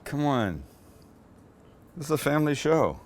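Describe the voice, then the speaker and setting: A man hosting a cooking show, walking through a recipe in a relaxed, joking way and bantering with the crew behind the camera. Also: a little high, a little slow, a little hiss or hum. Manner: chatty, joking, teases his crew. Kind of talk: casual cooking demonstration.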